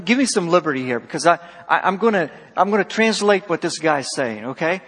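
A man preaching a sermon, emphatic, swinging between loud and soft, acting out dialogue with a slightly husky voice. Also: high-pitched, very animated, brisk, few pauses. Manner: emphatic, rising and falling sharply, acts out dialogue. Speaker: pastor. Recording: long hall reverb.

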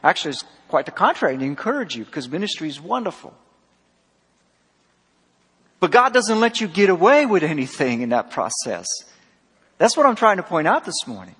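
A man preaching a sermon, emphatic, swinging between loud and soft, acting out dialogue with a slightly husky voice. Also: fairly high pitch, very animated, a little fast, long pauses. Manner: emphatic, rising and falling sharply, acts out dialogue. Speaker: pastor. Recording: long hall reverb.

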